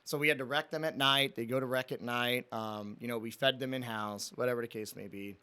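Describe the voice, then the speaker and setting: A young man with a smooth, sharp, mid-range voice speaks fairly quickly in a steady tone as a podcast guest. A former prison officer, he tells a rambling, profane story and keeps calling the listener "dude".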